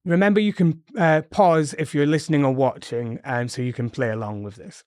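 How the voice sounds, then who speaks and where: A man's voice: a little high, fairly even intonation, a little fast, a little mellow, no room sound. British guy teaching english on a podcast, patient and encouraging, dry close sound. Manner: encouraging, explains patiently with frequent fillers. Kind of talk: podcast lesson dialogue.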